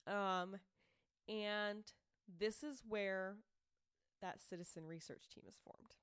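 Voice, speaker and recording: This podcast co-host walks through a true-crime case in a slow, mid-range voice with a clean tone. She's a chatty storyteller who animates the quoted people and often says "like" and "um," recorded in clean studio sound without echo.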